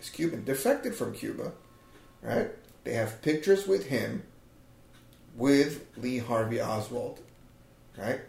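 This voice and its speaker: Sarcastic man with a gravelly voice. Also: mid-range voice, expressive, takes it slowly, long pauses, darkish tone. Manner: sarcastic, mock-conspiratorial, swears. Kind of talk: joking conversational banter. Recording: roomy echo.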